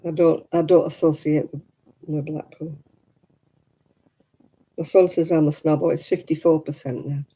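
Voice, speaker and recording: A woman's voice: low-pitched, little pitch movement, normal speed, long pauses, mellow, slightly rough, poor audio. A middle-aged woman, hosting a casual craft livestream, chatty and candid with frequent laughs. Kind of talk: casual live chat while knitting.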